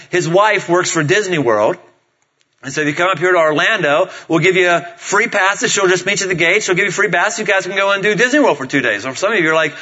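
A middle-aged man preaching a sermon, telling stories in an animated way and acting out the voices of his family. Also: fairly high pitch, quick pace. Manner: animated storytelling, acts out voices of family members. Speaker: pastor. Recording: dull lo-fi sound.

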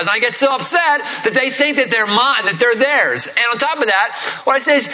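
Bright-voiced, jokey pastor. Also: male voice, very high-pitched, fairly quick. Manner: conversational and jokey, lively storytelling. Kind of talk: sermon. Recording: dull lo-fi recording.

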